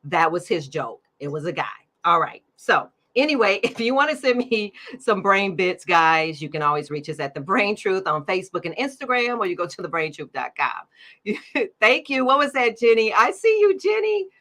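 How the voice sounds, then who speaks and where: A woman's voice: fairly low pitch, animated, normal speed, sharp tone. A middle-aged woman hosting her own show, talking in an upbeat, chatty way and laughing often. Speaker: podcast host. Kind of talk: casual livestream chat.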